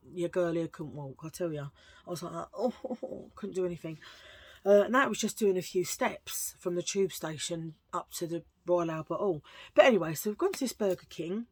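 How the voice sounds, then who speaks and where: A woman's voice: on the low side, dry recording. A middle-aged woman, rambling through a casual vlog chat with lots of asides and self-mocking stories. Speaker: vlogger. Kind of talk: casual chatty haul vlog.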